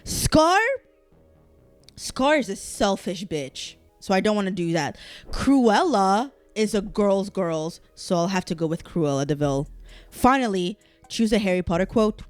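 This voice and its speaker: A woman's voice: mid-range voice, animated, unhurried, darkish tone, faint music behind. A woman hosting a casual solo podcast, talking animatedly and swearing as she reacts to quiz results. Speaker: podcast host.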